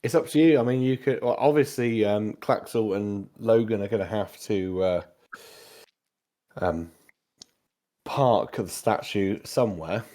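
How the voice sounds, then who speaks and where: A man's voice: lowish voice, unhurried, dark tone, a little hiss or hum. A man narrating a tabletop game as game master, hesitant with many fillers.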